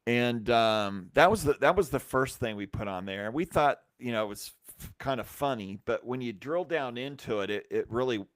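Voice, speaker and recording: Rambling male storyteller, smooth dry voice. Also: mid-range voice, moderate pace, no room sound. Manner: rambling, animated anecdote with many restarts and acted-out quotes. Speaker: brewery company host. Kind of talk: casual storytelling on a live stream.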